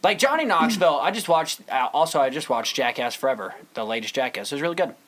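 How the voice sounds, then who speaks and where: A young man co-hosting a casual podcast, his voice sitting a touch higher than most men's. He talks in an animated way, laughs often, and keeps breaking into quick quoted movie lines. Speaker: podcast co-host. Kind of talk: casual chat.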